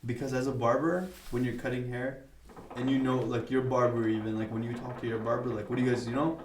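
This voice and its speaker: A man's voice: medium pitch, level tone, fast talker, reverberant, a little hiss or hum. A young man, a barber hosting a podcast, chatting casually with lots of filler words. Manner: laid-back, lots of "like" fillers. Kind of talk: casual chat.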